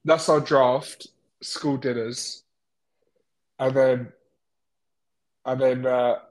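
A man's voice: medium pitch, fairly even intonation, very slow. Rambling podcast guy. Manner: rambling, self-mocking storyteller. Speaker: podcast co-host. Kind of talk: casual chat.

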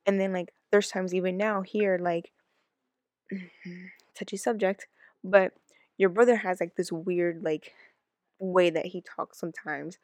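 Ranting, animated woman in casual chat. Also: fairly low pitch, no room sound. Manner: ranting, quick and animated, talks over her partner. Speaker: podcast co-host.

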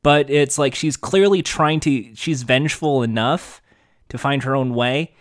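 A man's voice: medium pitch, unhurried. A man co-hosting a casual podcast chat, ranting animatedly and swearing freely. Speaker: podcast co-host.

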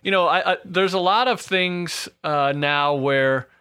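A man's voice: high voice, a little slow, sharp tone, clean tone. A man in his thirties co-hosting a podcast, jokey and rambling in casual chat. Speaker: podcast co-host.

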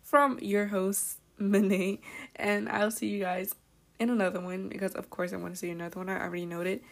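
A young woman talks into her podcast mic at a middle pitch. She tells a story from home in an animated, casual way, with quick laughs, swearing and a lot of "like". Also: gravelly. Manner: animated, laughing, profane, lots of "like". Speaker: podcast host.

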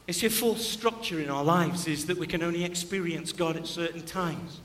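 Bright-voiced impassioned male preacher. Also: on the high side, moderate pace, a little hiss or hum. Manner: impassioned, repeats key phrases. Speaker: pastor. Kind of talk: sermon. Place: church sanctuary. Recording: long church hall reverb.

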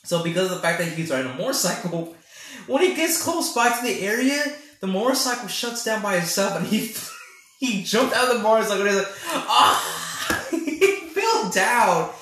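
A man's voice: high voice, sing-song, brisk, a bit bright, a little hiss or hum. A man hosting a casual podcast, retelling a film animatedly and laughing often, with many fillers. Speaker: podcast host reviewing a film. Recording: very echoey room.

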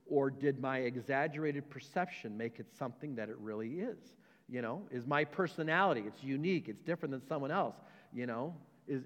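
Pastor with a fairly high voice in a reverberant hall. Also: male voice, muffled recording. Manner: conversational, rhetorical questions, repeats words. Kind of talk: sermon. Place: church sanctuary.

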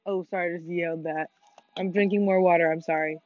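A woman's voice: fairly low pitch, steady tone, fast talker. Foul-mouthed, apologetic woman, lo-fi recording. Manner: swears freely and keeps apologizing. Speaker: podcast co-host. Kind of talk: casual chat while playing a video game. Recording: dull, lo-fi and dry.

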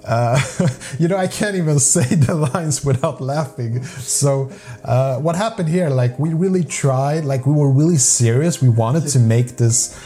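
A man's voice: mid-range voice, a little slow, warm tone. A man hosting a casual chat about making films, chatty and often laughing mid-sentence. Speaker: video host, amateur filmmaker.

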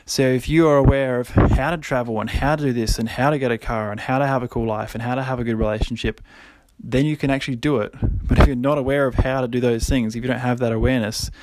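A man's voice: mid-range voice, steady tone, quick pace, few pauses, a little mellow. A young man hosting a podcast, talking casually with many fillers and frequent laughs. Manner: rambling, lots of fillers, laughs often. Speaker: podcast host.

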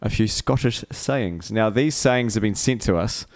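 Male podcast host, New Zealand accent, mid pitch, gravelly, loose and jokey. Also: a little slow, dry recording. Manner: laughs often, swears, leads segments. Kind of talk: casual podcast banter.

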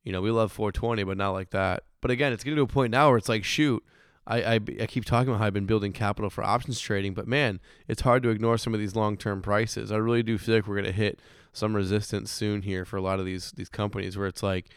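A man in his thirties hosting a casual finance chat, hoarse from losing his voice, rambling and swearing with frequent restarts. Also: fairly low pitch, steady tone, fast, hardly any pauses, no room sound, clean studio sound. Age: 30s. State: hoarse, recovering voice. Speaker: podcast host.

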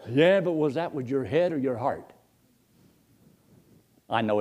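Older man, preacher, folksy sermon storytelling, husky voice, lively pitch. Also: normal speed. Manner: folksy, animated, jumps high when excited, drops low for quotes.

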